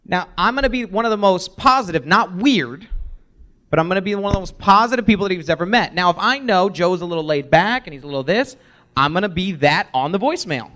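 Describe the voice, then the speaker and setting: A man presenting a live sales workshop, energetic, acting out sample voicemails as he teaches. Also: high-pitched, fast talker.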